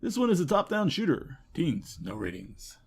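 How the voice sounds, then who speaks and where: A man hosting a game news show, running through a list of games with quick wry comments and self-mocking asides. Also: fairly high pitch, wildly swooping pitch, gravelly, breathy edge. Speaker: host. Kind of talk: rapid game review roundup.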